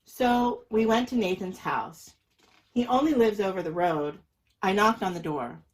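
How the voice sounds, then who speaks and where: A man reading a children's picture book aloud in a lively, expressive storytelling voice. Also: sits high, a little slow, poor audio. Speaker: storybook reader.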